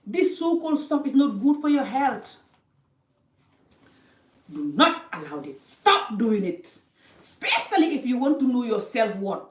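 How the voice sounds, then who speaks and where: A woman's voice: a little high, sing-song, measured pace, long pauses. A woman giving passionate life advice to camera. She talks emphatically, repeats phrases for stress and uses non-native English grammar. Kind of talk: impassioned monologue to camera. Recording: echoey room, voice a bit distant from the mic.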